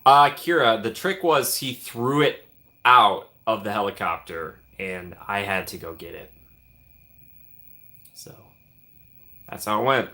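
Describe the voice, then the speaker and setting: A man's voice: on the low side, takes it slowly, long pauses, pushed and bright. A man hosting a casual live stream, chatting upbeat and answering viewers by name as he reads the comments. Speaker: streamer host.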